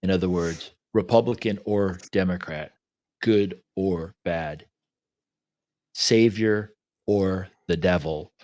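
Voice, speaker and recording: Casting: male co-host, low voice, dry close sound, easygoing storyteller. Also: slow, darkish tone, no room sound. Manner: laid-back, retells stories with voiced asides. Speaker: podcast co-host. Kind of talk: casual reflective chat.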